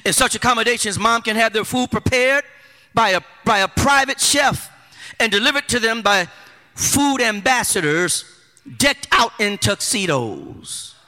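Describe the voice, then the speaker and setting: A male pastor preaches in an animated way, piling up rhetorical questions and folksy asides. His voice sits high and swings widely, with a strikingly bright, ringing tone. A long reverb from a large sanctuary follows every phrase. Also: a little slow. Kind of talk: sermon.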